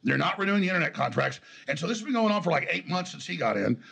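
A man with a Texas accent speaks as an interview guest, talking in an emphatic, rambling way. His voice is heavily gravelly with a husky, slightly raspy texture. It sits a little higher than most men's voices. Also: sing-song, rapid-fire, a bit bright. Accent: Texan. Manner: emphatic, rambling, acts out quoted exchanges. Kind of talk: conversational interview storytelling.

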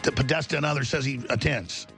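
A man's voice: medium pitch, fast talker, creaky, over music. A man hosting a broadcast, delivering a fervent, ranting monologue with emphatic repetition. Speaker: talk show host.

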